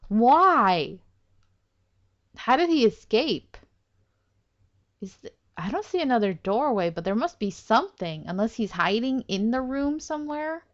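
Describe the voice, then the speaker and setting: A woman giving casual commentary as she plays a game, excitable, exclaiming and laughing often. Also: mid-range voice, highs cut off. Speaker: let's play gamer.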